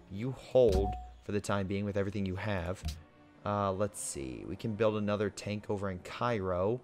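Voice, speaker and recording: A young man giving casual commentary on his strategy game, thinking aloud as he orders his units about. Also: fairly low pitch. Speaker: gaming video host. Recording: game music behind the voice.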